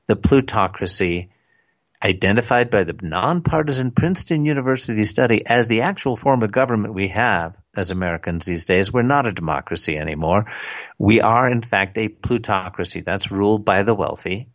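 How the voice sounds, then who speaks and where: Man, radio talk host, low voice, dull lo-fi sound, rambling delivery. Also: normal speed, a bit bright. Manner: rambling, many fillers, reads articles aloud.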